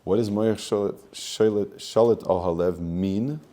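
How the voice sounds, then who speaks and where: A man's voice: fairly low pitch, a little slow, warm tone. A man coaching on spiritual growth in an earnest teaching monologue, repeating phrases and using Hebrew terms.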